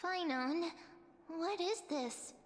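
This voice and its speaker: A woman's voice: very high voice, drawn-out words, big-room sound, slight background noise, full character voice. A woman voicing a curious young female companion in a game cutscene, with a light, lilting delivery. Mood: alarmed.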